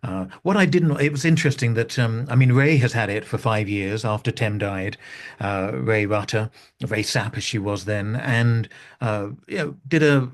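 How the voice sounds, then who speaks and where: A man talking casually on a video call, pausing often with ums and restarts. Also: on the low side. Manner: hesitant, many ums and restarts. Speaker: new magazine editor, astrology school head.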